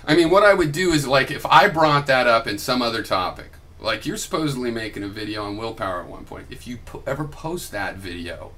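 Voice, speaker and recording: A young man talks straight at his opponent in a reply video, combative and sharp-tongued, swearing freely. His voice has a bright, forceful edge, and he keeps slipping into sarcastic mock quotes. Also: mid-range voice. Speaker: video blogger replying to another vlogger.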